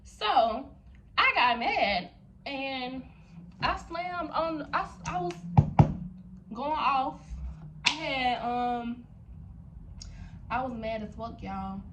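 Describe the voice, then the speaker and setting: A young woman's storytime vlog finds her heated and profane, talking straight to her viewers. Her voice sits high and is expressive, but she speaks extremely slowly and pauses often, with background noise behind her.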